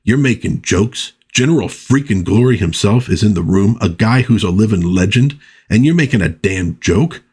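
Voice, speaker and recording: A brash, quick-tempered superhero who blusters at his teammates, voiced by a man recapping a comic in his own low, husky voice. It stays close to everyday speech. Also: expressive, a little mellow. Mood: angry. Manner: angry, blustering.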